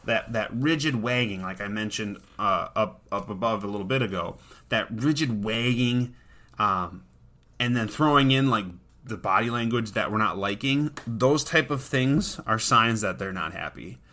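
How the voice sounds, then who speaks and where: A man's voice: lowish voice, moderate pace, sharp tone. A man hosting a podcast about dog training, talking in an earnest, conversational way and often restarting his sentences. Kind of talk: casual podcast monologue.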